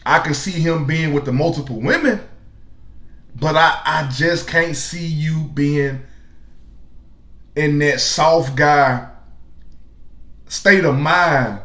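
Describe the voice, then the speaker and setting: A man hosting a reaction video, giving his opinion in slow, emphatic casual commentary. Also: on the high side, a bit bright, roomy sound. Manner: slow, emphatic, drawn-out phrases.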